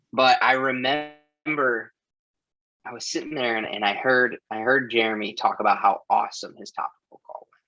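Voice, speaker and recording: A man's voice: medium pitch, pushed and bright, highs cut off. A man who coaches, chatting as a podcast guest and telling an open, emotional story. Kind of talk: casual chat.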